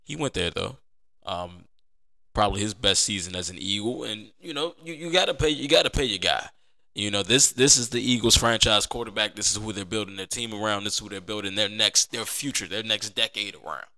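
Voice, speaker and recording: A man's voice: lowish voice, a little fast, vocal fry, pushed and bright. A man hosting a sports podcast, talking casually and with energy, often repeating himself for emphasis. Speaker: podcast host.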